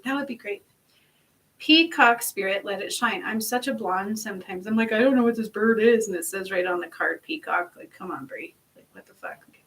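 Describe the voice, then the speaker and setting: A woman's voice: mid-range voice, sharp tone, distant mic, poor audio. A woman giving a casual spiritual card reading to her viewers, talking emphatically and chattily, swearing now and then and often checking in with "okay?". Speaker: spiritual healer and card reader.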